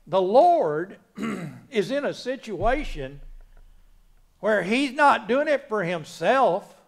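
A man preaching a sermon in a church, folksy, moving from quiet asides to loud exhortation. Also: high-pitched, very animated, slow pace, vocal fry. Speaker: pastor.

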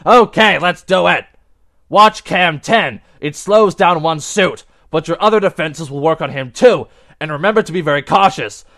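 Young guy doing let's play commentary, high bright gravelly voice, freaks out and yells at every scare. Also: moderate pace. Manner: excitable and jumpy, yelps and shouts at scares. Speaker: gaming video host.

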